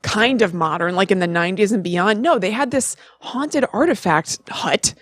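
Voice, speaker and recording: A woman co-hosting a casual podcast, chatty and quick to laugh at herself, with a light New York tinge to her accent. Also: medium pitch, lively intonation. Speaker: podcast co-host.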